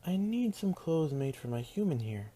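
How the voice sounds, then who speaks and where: An earnest, bookish young pony princess, as a man reads her lines, brisk and matter-of-fact. Her voice is raised above his plain tone but stays level and practical. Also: fairly high pitch, big pitch swings, dark tone, voice pushed up. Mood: polite.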